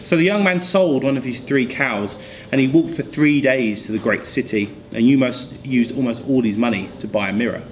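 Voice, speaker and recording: Male storyteller, mid-pitched, gentle read-aloud delivery, faint background hiss. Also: normal speed, poor audio. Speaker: school staff reader.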